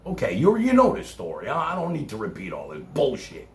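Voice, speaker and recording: A man from Brooklyn with a New York accent, livestreaming a rambling monologue from his chair, swinging from loud outbursts to low mutters and cursing freely. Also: huge pitch swings, fairly quick, hardly any pauses. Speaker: live streamer. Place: home room, seated in chair. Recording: roomy echo, faint background noise.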